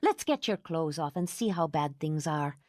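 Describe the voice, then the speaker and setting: A woman's voice: low-pitched, expressive, normal speed, a little mellow, no echo, studio quality. A woman reading an audiobook, voicing a fierce, protective older housekeeper who talks indignantly and fusses. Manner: indignant, fussing.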